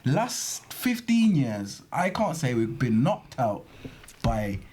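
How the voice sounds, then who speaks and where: Male host, slangy and animated, very lively pitch. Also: slow pace, slightly rough. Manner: animated and slangy, ranting about football. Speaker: podcast host. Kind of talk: casual football chat.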